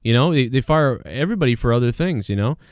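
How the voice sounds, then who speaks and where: A man's voice: medium pitch, animated, quick pace, no echo, clean studio sound. A man hosting a live stream show, chatting casually in a rambling, joking, slangy way.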